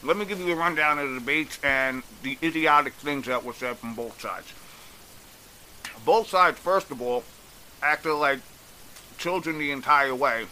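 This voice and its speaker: A man's voice: on the high side, unhurried, sharp tone, poor audio. A man giving a blunt, exasperated opinion rant, swearing freely as he recaps and criticizes. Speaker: commentator. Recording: faint hiss.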